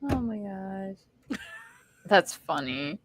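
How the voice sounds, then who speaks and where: A woman's voice: mid-range voice, very animated, extremely slow. A woman co-hosting a casual livestream chat, mostly giving short playful reactions. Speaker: co-host.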